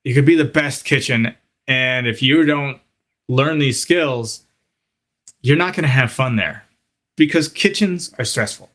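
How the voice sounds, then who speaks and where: A culinary instructor teaches a live lesson to kitchen workers, speaking directly to them and telling stories peppered with "okay?" and "you know." His medium-pitched voice is a bit bright and moves at a measured pace.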